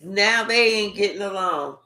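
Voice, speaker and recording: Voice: medium pitch, unhurried, pushed and bright. A spiritual reader giving a casual reading in a blunt, profane, repetitive way. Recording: echoey room.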